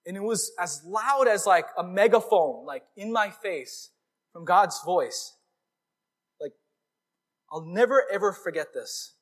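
High-voiced man preaching a casual sermon. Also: slow. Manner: conversational storytelling, animated. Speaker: pastor.

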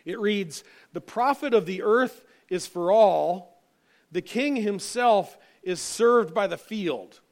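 A man's voice: high voice, slow pace. A male pastor giving an earnest sermon, reading scripture and building to emphatic points with frequent fillers.

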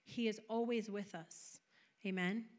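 A woman's voice: mid-range voice, fairly even intonation, a little slow, darkish tone. A woman preaching a sermon, telling a personal vision and a scripture passage with passion and rising emphasis. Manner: passionate, building to raised emphatic peaks.

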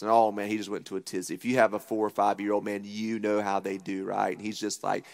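A man's voice: lowish voice, steady tone, fast talker, creaky, hardly any pauses. A man in his thirties preaching a sermon from a church stage, emphatic, repeating his key points and checking in with the crowd. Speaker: pastor. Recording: long hall reverb.

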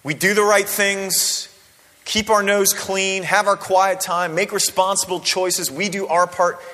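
Animated bright-voiced male preacher. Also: high voice, measured pace. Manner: conversational, animated, frequent rhetorical "right?". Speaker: pastor. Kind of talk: sermon. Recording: long hall reverb.

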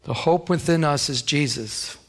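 A man's voice: on the high side, normal speed. A man preaching a sermon as pastor, telling a personal story and building to fervent, emphatic preaching.

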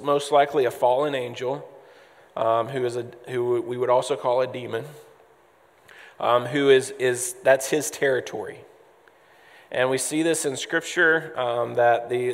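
A man's voice: medium pitch, steady tone, unhurried, big-room sound. A man preaching a conversational sermon as pastor, with frequent ums and restarts.

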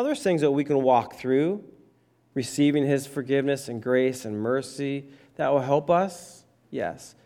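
A pastor preaching a sermon, reading scripture aloud and explaining it in a conversational, emphatic way. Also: male voice, mid-range voice, a little mellow. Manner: conversational, emphatic with checking questions.

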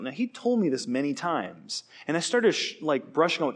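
A man preaching a sermon, telling stories in an animated way and acting out quoted lines. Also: on the high side, moderate pace, few pauses, breathy edge. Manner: animated storytelling with acted quotes. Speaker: pastor.

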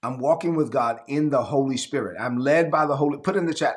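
A man's voice: fairly high pitch, a little fast. A male pastor preaching a livestreamed sermon in a declaring style, leading his listeners in call-and-response.

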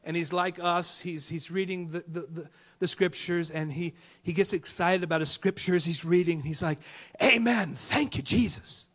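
Man, preacher, sermon, high voice, dynamic swings between shouting and whispering, storytelling with jokes. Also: little pitch movement, normal speed, few pauses. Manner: tells jokes and acts out characters in stories.

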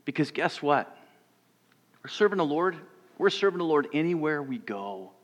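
A pastor preaches in a fairly high voice for a man, and it rings out with a long reverb in the church. He tells his story with feeling, dropping his voice low before swelling again. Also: sing-song, normal speed. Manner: storytelling, shifts between loud and hushed. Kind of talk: sermon.

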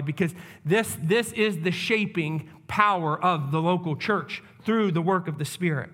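A man's voice: high-pitched, a little slow, hardly any pauses, fairly bright tone, in a large hall. A man preaching a sermon as pastor, earnest, repeating his questions and restarting his sentences.

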